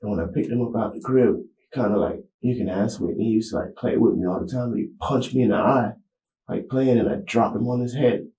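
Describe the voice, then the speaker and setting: A man's voice: mid-range voice, mellow. Rambling man in an echoey room. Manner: rambling, halting, street slang. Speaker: interview subject. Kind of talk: police interrogation recording. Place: small interrogation room. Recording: echoey room, camera mic.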